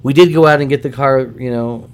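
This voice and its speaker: A middle-aged man hosting a podcast, telling stories casually in an animated, self-deprecating way. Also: medium pitch, a little fast, clear, resonant tone. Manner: animated, self-deprecating, acts out voices in anecdotes. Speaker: podcast host. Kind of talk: casual storytelling.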